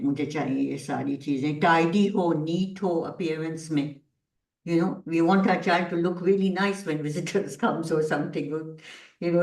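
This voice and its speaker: A woman's voice: low voice, darkish tone. Woman teacher leading a workshop, thoughtful and questioning, recorded from a distance in a roomy space. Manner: reflective, poses rhetorical questions. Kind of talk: online workshop talk. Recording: roomy echo, distant from the mic.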